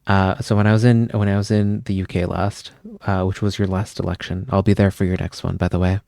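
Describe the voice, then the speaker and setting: A man's voice: low-pitched, flat delivery, brisk, gravelly, darkish tone, no room sound, clean studio sound. A young man from Pennsylvania hosting a live stream, chatting casually with viewers in a rambling way and wandering off on tangents. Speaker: livestream host.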